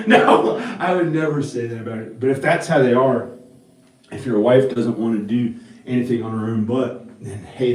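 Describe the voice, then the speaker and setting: A man's voice: medium pitch, fairly bright tone. A man vlogging in a rambling, profane monologue, talking into a handheld microphone. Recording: roomy, mic held far off.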